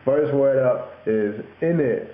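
A young YouTuber with a mid-range voice slowly and casually explains slang on his video blog, joking, laughing, and putting on mock London voices for examples. The room is echoey and the webcam audio tinny and lo-fi.

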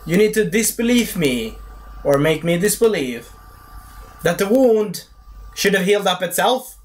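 A young man giving a casual, animated movie review rant who keeps slipping into silly high voices for the characters. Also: measured pace.

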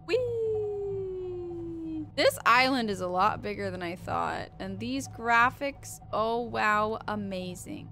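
A woman narrating her own gameplay with a bright, fairly high voice that swings all over the place. She curses freely and reacts loudly, shrieking whenever something startles her. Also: slight background noise. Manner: excitable, profane, shrieks when startled. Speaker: gaming creator. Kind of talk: let's play commentary.

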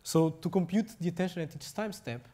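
A high-pitched, mellow voice belongs to a young man lecturing on a technical subject. He has a Portuguese accent and speaks haltingly, with many fillers and restarts.

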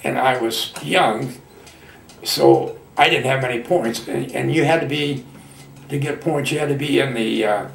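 A man in his nineties from Michigan, a veteran telling his war memories in a halting, folksy way with plain colloquial grammar. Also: mid-range voice, gravelly, reverberant, far from the mic, a little hiss or hum. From Michigan, United States. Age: 90s. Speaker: veteran interviewee. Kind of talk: oral history reminiscence.

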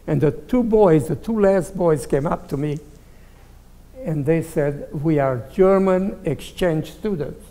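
A man's voice: a little high, takes it slowly, mellow. An older man, a survivor, telling a personal story to an audience and quoting the people he met. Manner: plain spoken, repeats quoted dialogue. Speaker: Holocaust survivor speaker. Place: recital hall. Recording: long hall reverb.

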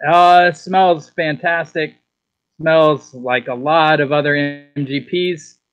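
A man's voice: fairly high pitch, steady tone, slow, no room sound, lo-fi sound. A man guest in a casual livestream chat, laid-back and wry.

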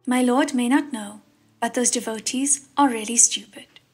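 A sly little green ghost minion, read by a woman in an audiobook, eager to tattle on its foes. The voice is husky and breathy, sitting fairly high, with faint piano music behind. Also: moderate pace. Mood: gleeful.

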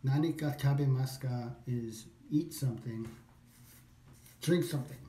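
A man works through a language course out loud, drawing phrases out slowly and repeating them. His voice is mellow and middle-pitched. The room around him gives it a noticeable echo. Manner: repeats phrases slowly, thinks aloud, self-corrects. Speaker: language learner. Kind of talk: practicing along with a language course. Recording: echoey room.

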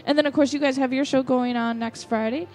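A woman's voice: high-pitched, steady tone, a little fast, a little mellow, soft background music. A young woman, co-hosting a podcast and reading out show announcements in a chatty, upbeat way. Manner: chatty, upbeat, stumbles over band names. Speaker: podcast co-host.

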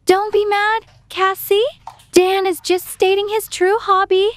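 A very high, squeaky voice for a gushing, attention-seeking young woman, played by a woman. She sounds fake-innocent and dramatic, in a storytime cartoon. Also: little pitch movement, unhurried, dry recording.

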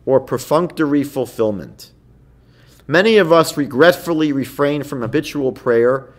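A rabbi giving an evening lecture, teaching in a conversational way, telling stories and reading passages aloud. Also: male voice, medium pitch, sing-song, a little slow. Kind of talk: evening lecture in a seminar series.

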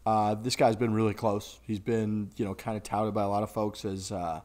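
A man co-hosting a golf podcast, talking in a rambling, profane, animated way about the tour. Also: lowish voice, moderate pace. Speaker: podcast co-host. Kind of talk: casual golf podcast chat.

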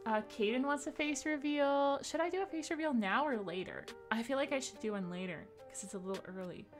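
A woman's voice: sits high, a little fast, music in the background. A woman game streamer chatting casually with her viewers, upbeat and giggly, rattling off names from the chat.

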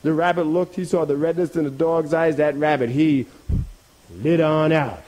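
Guy telling a folk tale, lively and rhythmic, kinda high voice. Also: moderate pace. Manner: rhythmic, repetitive, expressive. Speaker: storyteller. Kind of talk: animated folk tale storytelling.

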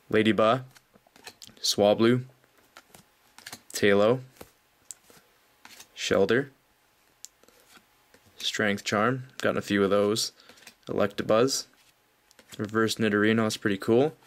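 A young man narrating a card pack opening off camera, talking casually and growing breathless with excitement. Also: lowish voice, slow, long pauses. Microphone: off-camera voice, hands at table.

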